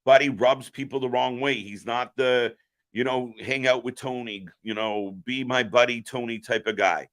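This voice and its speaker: A man's voice: medium pitch, steady tone, moderate pace, fairly bright tone. A man hosting a live reaction stream, giving opinionated, profane commentary.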